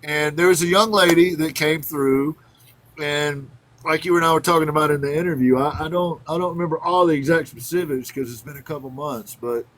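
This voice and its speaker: A man's voice: fairly high pitch, a little fast, a bit bright, rough recording. A man hosting a casual interview, easygoing and agreeable as he shares his own experiences.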